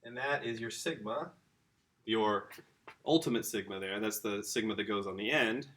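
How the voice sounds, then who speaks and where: A man's voice: fairly low pitch, normal speed, fairly bright tone. A man teaching a casual lesson, talking straight to the kids and their parents with eager enthusiasm. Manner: enthusiastic, chatty, addresses the kids directly. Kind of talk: informal home-school lesson.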